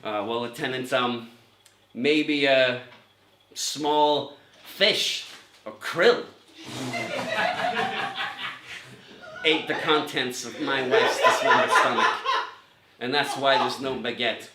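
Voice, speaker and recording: A man's voice: medium pitch, takes it slowly, pauses often, very noisy, natural voice. A man playing a flustered, indignant murder suspect. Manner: flustered protesting, stammers with "uh" and "um". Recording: roomy club echo.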